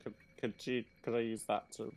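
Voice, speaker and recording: A man's voice: medium pitch, level tone, normal speed, a little hiss or hum. A man playing a tabletop game, speaking briefly and matter-of-fact. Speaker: player. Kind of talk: casual tabletop play.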